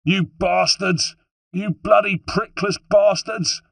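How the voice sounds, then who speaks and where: A loyal soldier bellows in a raised, strained voice, as a man reads him out. The tone is husky and gruff. It is captured dry and a little back from the mic. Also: high-pitched, fairly even intonation, slow pace, dry recording, voice pushed up, exaggerated voice. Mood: defiant roar. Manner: gruff, shouting, defiant. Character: brave, loyal British soldier, grown man.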